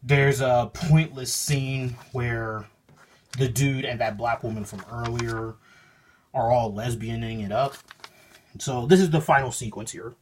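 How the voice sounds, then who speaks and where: A man's voice: medium pitch, measured pace. A man casually reviewing a comic book, reading and paraphrasing panels aloud in a rambling, self-interrupting way, recorded on his phone.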